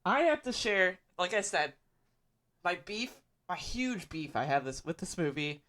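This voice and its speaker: Podcast co-host, bright voice, emphatic rant, casual talk. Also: mid-range voice, sing-song, unhurried. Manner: ranting, emphatic. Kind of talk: casual comedic chat.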